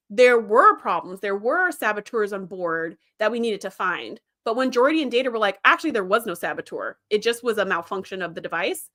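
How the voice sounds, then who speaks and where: A woman hosting a casual livestream, chatting about episodes with many fillers and lively retellings. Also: a little high. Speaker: host.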